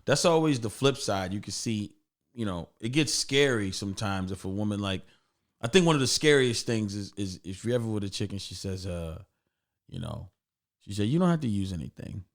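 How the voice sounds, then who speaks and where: A man's voice: on the low side, moderate pace. A man, a comedian, telling stories in casual podcast chat, acting out the people in them with plenty of profanity. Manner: animated, acts out voices in stories, profane. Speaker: comedian guest. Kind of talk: casual storytelling.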